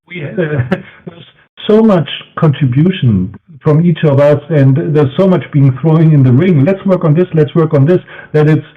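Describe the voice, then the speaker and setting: A man's voice: a little high, normal speed. A man answering interview questions, hesitant and searching for words. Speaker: band member, interview guest. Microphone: voice call. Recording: tinny phone-like call audio.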